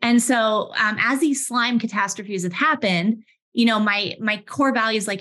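A woman in her thirties, a head of HR, speaking conversationally in a webinar with lively anecdotes and frequent restarts. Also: a little high, moderate pace. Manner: animated, restarts often, vivid everyday anecdotes. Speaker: head of HR, session host.

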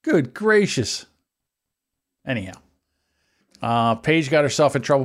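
A man co-hosting a podcast in crude casual banter, animated and breaking into loud chants and mock shouts. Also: medium pitch, unhurried. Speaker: podcast co-host.

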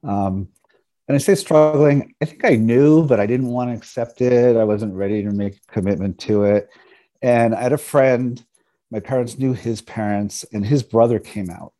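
A man's voice: medium pitch, normal speed, warm tone. A man from New York, an interview guest, telling personal stories in a casual, humorous way and acting out the voices of people he quotes. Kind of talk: casual storytelling.

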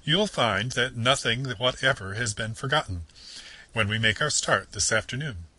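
A man voicing a boastful, conceited male toad gentleman from a storybook, excitable and pompous. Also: mid-range voice, takes it slowly, slightly rough, pitched above the performer's own voice, exaggerated voice. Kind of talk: reading a storybook excerpt aloud.

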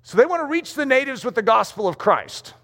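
High-voiced male preacher in a reverberant hall. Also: sing-song, brisk, fairly bright tone. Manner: emphatic, acts out quoted voices. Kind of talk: sermon.

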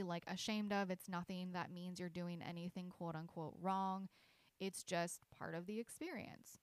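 A woman's voice: medium pitch, no room sound. A woman hosting her own podcast, earnestly explaining her coaching sessions with frequent "like" and small restarts. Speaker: podcast host and intuition coach.

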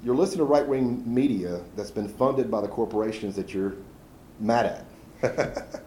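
A man's voice: on the low side, moderate pace, echoey room, very noisy. A man with a Southern US accent, a labor organizer answering audience questions in a folksy, conversational way with many fillers and restarts. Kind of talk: casual public Q&A talk.

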